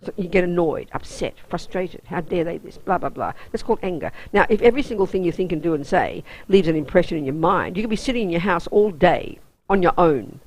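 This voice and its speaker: A woman's voice: fairly low pitch, lively intonation, quick pace, hardly any pauses, a little mellow, poor audio. An Australian woman, a Buddhist nun, teaching a weekend course in an intense, emphatic, down-to-earth way.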